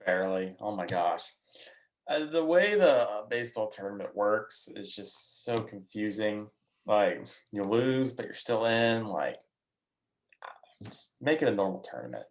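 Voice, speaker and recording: A man's voice: on the low side, animated, unhurried. A young man co-hosting a sports podcast, pushing back in an exasperated way. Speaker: podcast co-host. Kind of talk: casual sports podcast chat.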